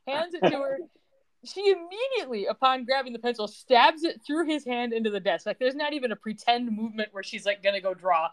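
A woman's voice: fairly high pitch, expressive, fairly quick. A young woman co-hosting a podcast, chatting casually and retelling scenes in a sarcastic, quoting way. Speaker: podcast co-host. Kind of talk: casual recap chat.

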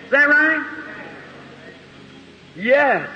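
Preacher man, high voice, folksy and fervent, dull old recording in a big echoey hall. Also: animated, normal speed. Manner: folksy storytelling, rising to fervent exclaiming. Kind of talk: sermon with testimony.

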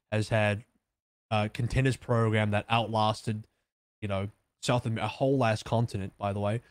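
A mid-pitched man talks animatedly on an esports podcast panel and swears now and then. His voice sounds dry and close, with no room echo. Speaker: podcast co-host. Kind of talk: casual esports panel chat.

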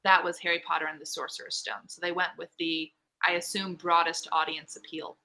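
A woman chatting excitedly in a casual book club conversation, rambling with lots of fillers. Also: lowish voice, brisk, gravelly. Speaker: book club podcast member. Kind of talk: casual chat.

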